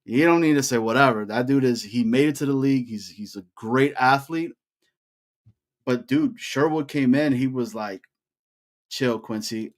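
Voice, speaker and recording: A young man co-hosting a sports podcast, talking casually and getting worked up with loud, rising hype. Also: medium pitch, moderate pace. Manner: animated, hypes with rising shouts. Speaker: podcast co-host.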